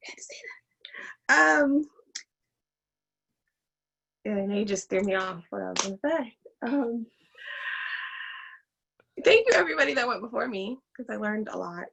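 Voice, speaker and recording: A woman's voice: mid-range voice, lively intonation, brisk, gravelly, pauses often, fairly bright tone, husky, low-quality recording. A woman on a group coaching call, talking hesitantly with many ums and a slight lisp from her braces.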